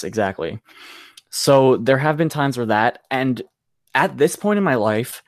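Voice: mid-range voice, no echo, studio quality. A young adult co-hosting a podcast in casual chat, easygoing and agreeable, chuckling often. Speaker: podcast co-host.

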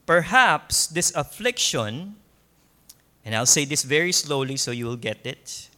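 Slow, emphatic Filipino pastor preaching. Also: male voice, on the high side, sing-song. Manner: slow, emphatic preaching with repetition and soft laughs. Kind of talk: sermon.

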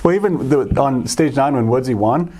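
A man hosting a podcast, chatting casually and retelling a sports moment with excitement. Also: medium pitch, normal speed, slightly rough. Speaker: podcast host. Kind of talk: casual chat.

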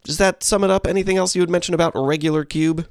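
A man's voice: high-pitched, steady tone, gravelly, smooth, no echo, clean studio sound. Man explaining card mechanics at length. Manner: explains at length, measured and dryly joking. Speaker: podcast co-host. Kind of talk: casual chat.

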